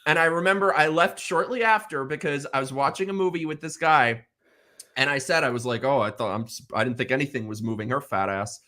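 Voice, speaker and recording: A man's voice: mid-range voice, brisk, sharp tone. A man from New York City hosting a podcast in casual chat, campy and sassy as he tells dramatic stories. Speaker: podcast host.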